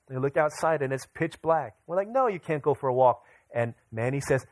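A man's voice: on the high side, a little fast, few pauses, no echo. A young man pastor preaching a sermon, telling a family story and acting out his children's voices.

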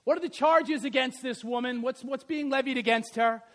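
A male pastor with a strikingly high voice delivers a sermon in a loose, conversational way. He climbs to loud, emphatic peaks, then drops to soft asides full of fillers and restarts. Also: normal speed. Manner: conversational, with fillers and self-corrections.

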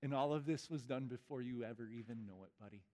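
A man as pastor, leading a baptism liturgy with relaxed, informal asides between the formal vows. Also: mid-range voice, fast talker. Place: church sanctuary. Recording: reverberant church hall.

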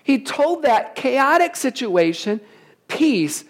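A man's voice: high voice, lively intonation, measured pace. Male pastor, emphatic sermon delivery, full of rhetorical questions to the congregation. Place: church service, also streamed online.

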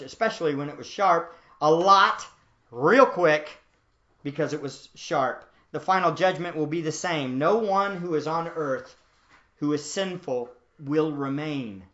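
A man's voice: a little high, moderate pace, fairly bright tone, highs cut off. A man preaching a verse-by-verse Bible teaching in a conversational way, often asking his listeners questions. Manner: conversational, asks the audience questions. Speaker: pastor.

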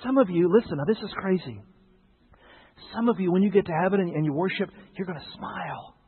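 A man's voice: high-pitched, lively intonation, quick pace, breathy edge, long reverb tail, narrow, tinny audio. A male pastor preaching a sermon, telling stories with jokes for the congregation.

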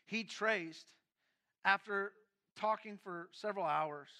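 A middle-aged man pastor tells his own story from the pulpit, his voice pitched high and sharp. He moves between hushed, heavy passages and emphatic bursts, speaking candidly. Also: takes it slowly. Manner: candid storytelling, mixing quiet and emphatic moments. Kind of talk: sermon testimony.

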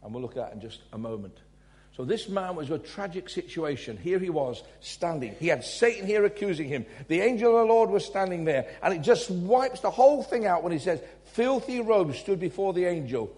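A man from England, preaching a sermon and telling personal stories, swinging between loud emphasis and quiet asides. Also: sits high, animated, a little fast.

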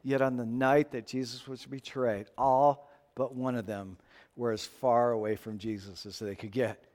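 A man preaching a sermon to a congregation in an emphatic, animated way. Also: mid-range voice, moderate pace. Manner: animated, emphatic preaching with playful acted-out voices. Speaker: pastor.

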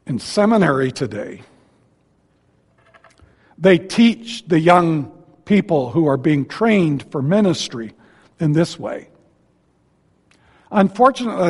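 Man, visiting preacher, sermon, folksy with joking asides, high voice, church with long echo. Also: husky. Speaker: guest preacher. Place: church sanctuary. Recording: long hall reverb.

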